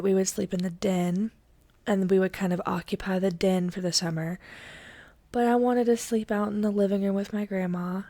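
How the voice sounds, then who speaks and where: A young woman hosts a casual chat show and tells a family story. She rambles with fillers and sinks into a hushed whisper at the tense moments. Her voice sits at a middle pitch and is recorded dry and close. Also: vocal fry, no room sound. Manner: chatty, lots of fillers, drops to a whisper for suspense. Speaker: host.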